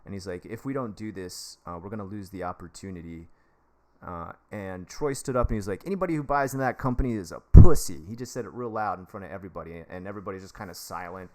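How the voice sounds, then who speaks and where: A man in his thirties with a fairly low voice talks casually on a live stream. He gives relaxed, rambling advice. He keeps breaking off in excitement to thank viewers. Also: quick pace. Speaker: livestream host giving advice.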